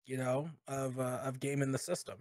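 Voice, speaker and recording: A young man co-hosting a podcast, telling a story in casual, crude talk with halting restarts. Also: mid-range voice, level tone, darkish tone, no echo. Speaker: podcast co-host.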